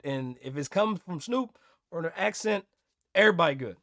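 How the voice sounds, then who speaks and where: A man co-hosting a podcast in casual chat, animated and jokey with lots of slang. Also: fairly high pitch, normal speed, no echo, clean studio sound. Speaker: podcast co-host.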